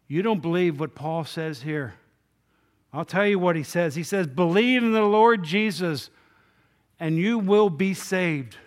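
A man preaching a sermon to his congregation in a conversational way, asking the room rhetorical questions and swinging between loud and hushed delivery. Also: medium pitch. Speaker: pastor. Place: church sanctuary.

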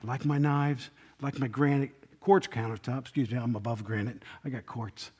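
A man's voice: mid-range voice, fairly even intonation, moderate pace, darkish tone, breathy edge. A male pastor giving a conversational sermon, joking and asking the congregation questions. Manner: chatty, jokes and asks the congregation questions.

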